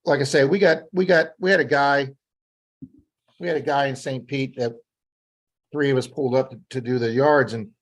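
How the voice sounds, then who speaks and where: A man from Florida, a metal detecting guest, telling rambling, animated stories and acting out what people said. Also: medium pitch, normal speed, pauses often. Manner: rambling, animated anecdotes with acted-out quotes. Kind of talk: casual storytelling on a live podcast.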